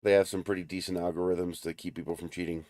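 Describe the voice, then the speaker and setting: Low-voiced man hosting a casual livestream. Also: quick pace, dry recording, studio quality. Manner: relaxed, teasing banter with chat. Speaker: livestream host.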